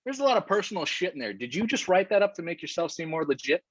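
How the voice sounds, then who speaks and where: Male co-host, mid-pitched, joking and profane, dry muffled lo-fi mic. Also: sing-song, fast, slightly rough, no echo. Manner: joking, profane, hyped announcer flourishes. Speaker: podcast co-host. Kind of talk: casual chat.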